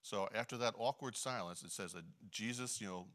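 A middle-aged man preaching a conversational sermon, full of "you know" fillers and frequent throat clearing. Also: lowish voice, brisk, fairly bright tone. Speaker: Bible teacher. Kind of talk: conversational sermon with a personal story.

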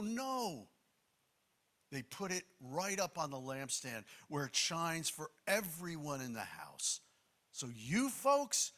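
Animated, bright-voiced male preacher. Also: fairly high pitch. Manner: animated, emphatic, conversational preaching with asides. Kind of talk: sermon.

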